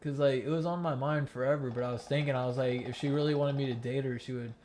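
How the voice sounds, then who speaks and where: A man's voice: medium pitch, steady tone, fast talker, darkish tone, slight background noise. A young man from the Miami area telling a long personal story in game voice chat, rambling and emotional, swearing often with many fillers and restarts. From Miami area, United States. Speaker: gamer in voice chat, active soldier. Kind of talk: casual storytelling during gameplay.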